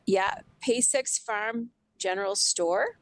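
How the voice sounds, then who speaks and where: A woman co-hosts a local radio talk show, joining over a video call. She chats in an upbeat, informative way in a middle-pitched voice. The sound is dry and close. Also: slow pace, no echo, rough recording. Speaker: radio co-host. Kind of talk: casual radio chat.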